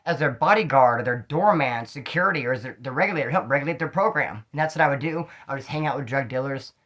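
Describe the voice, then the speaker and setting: A man telling stories from his own street life in casual slang, animated and acting out the dialogue. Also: mid-range voice, quick pace. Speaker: storyteller recounting street life. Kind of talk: casual storytelling monologue.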